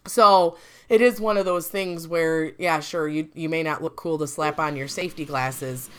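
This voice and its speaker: A woman's voice: sits low, steady tone, normal speed, clear, resonant tone. A woman hosting a casual podcast chat, telling stories in a chatty way and often laughing. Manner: chatty storyteller, laughs often, acts out quotes.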